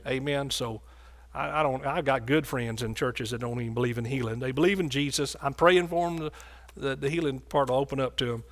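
A man's voice: mid-range voice, fairly quick. A man preaching a sermon in a folksy, joking way.

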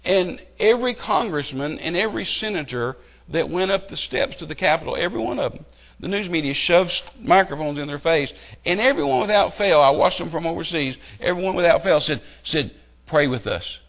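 Animated preacher man. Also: fairly high pitch, brisk, hardly any pauses. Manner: animated storytelling with rising outbursts. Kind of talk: sermon.

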